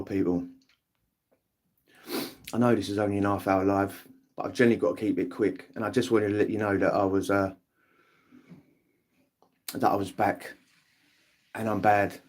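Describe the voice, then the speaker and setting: A man's voice: fairly low pitch, fairly bright tone. A young British man chatting casually on a livestream, rambling and swearing freely, acting out family members' lines. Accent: British English. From England. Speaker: livestream host.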